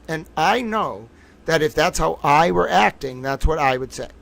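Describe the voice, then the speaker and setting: Gravelly-voiced man ranting on a livestream. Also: fairly high pitch, lively intonation, moderate pace, a bit bright, a little hiss or hum. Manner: rambling, profane, emphatic. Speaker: livestream commentator. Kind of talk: casual livestream commentary.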